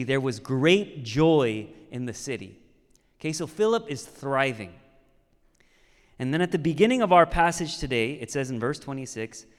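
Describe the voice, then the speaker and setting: Conversational man preaching in a reverberant hall. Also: fairly high pitch. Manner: conversational, frequent fillers and "right?" asides. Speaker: pastor. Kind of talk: sermon with personal storytelling.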